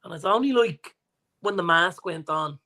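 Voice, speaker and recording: A man in his forties with an Irish accent, co-hosting a podcast and telling stories in lively casual chat, acting out the people he quotes. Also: high-pitched, moderate pace. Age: 40s. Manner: animated storyteller, acts out quotes. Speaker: podcast co-host.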